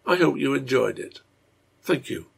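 A man reading a serialized story aloud in a measured way. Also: mid-range voice, lively intonation, gravelly, breathy edge. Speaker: reader and translator.

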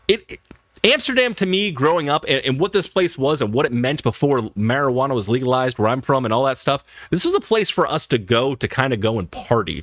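A man's voice: medium pitch, no echo, clean studio sound. A man from Boston with an American accent, chatting casually as he reacts to a video, with lots of fillers. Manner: animated, chatty, many fillers.

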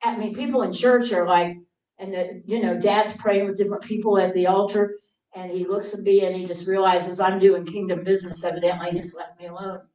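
A woman preacher giving a sermon full of personal stories, acting out her younger self in a raised, pleading voice and dropping to hushed tones for quiet moments. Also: medium pitch, fairly even intonation, a little fast. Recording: roomy sound from a distant mic.

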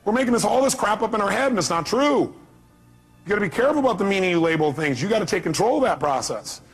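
High-voiced, emphatic motivational speaker. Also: male voice, lively intonation, quick pace, breathy edge, faint music behind. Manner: emphatic, fires rhetorical questions at the audience. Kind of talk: live seminar talk.

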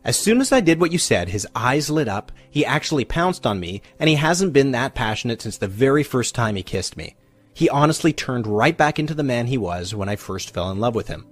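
A bubbly young married woman, overflowing with gratitude, voiced by a man telling the story. She gushes in a breathless rush, her pitch swinging widely. Soft music plays behind. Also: big pitch swings, fairly quick, no room sound. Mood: gushing.

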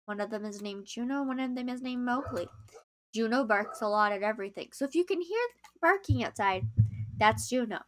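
A young woman chatting casually to viewers as she plays a game on a live stream, easily excited. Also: a little high, brisk.

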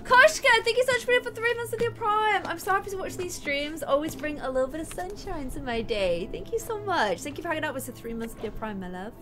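A woman's voice: extremely high pitch, animated, quick pace, hardly any pauses, over music. A young woman giggling and thinking aloud as she plays a story game, thanking her viewers along the way. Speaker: gaming streamer. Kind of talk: let's play commentary.

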